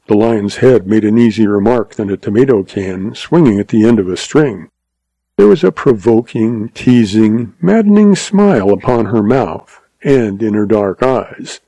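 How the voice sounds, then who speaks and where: A man reading a story aloud in measured, scripted narration. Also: on the low side, dark tone, husky, no echo, rough recording. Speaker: audiobook narrator.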